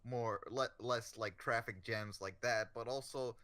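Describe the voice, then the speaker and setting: Male co-host, bright tone, close dry mic, playful asides. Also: medium pitch, unhurried, no room sound. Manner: jokey and animated. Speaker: podcast co-host. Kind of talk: casual chat.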